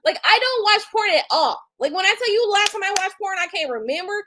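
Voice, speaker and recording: A woman's voice: very high voice, a little fast, slight background noise, poor audio. A woman in her forties, a tarot reader hosting her livestream, ranting casually in a blunt, profane way with features and sarcastic asides. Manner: blunt and profane, animated, with mocking quoted retorts.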